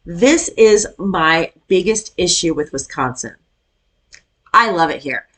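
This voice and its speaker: A woman's voice: fairly low pitch, expressive, slow pace, a bit bright. A middle-aged woman from Iowa, chatting casually as she reacts to a video and rants with laughs. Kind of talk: casual chat reacting to a clip.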